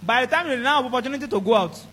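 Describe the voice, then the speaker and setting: A man's voice: very high voice, animated, rapid-fire, sharp tone, husky, rough recording. A man preaching a sermon with emphatic delivery, throwing call-and-response questions to the congregation. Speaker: pastor.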